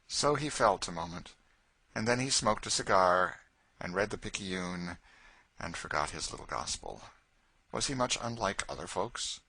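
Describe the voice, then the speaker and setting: A man narrating a classic novel as an audiobook in a measured, even storytelling manner. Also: deep voice, no echo. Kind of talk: scripted narration.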